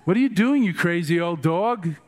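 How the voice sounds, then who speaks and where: A man's voice: fairly high pitch, level tone, unhurried, a little hiss or hum, lightly acted. A man voicing a group of scornful, overdressed monks who mock and jeer.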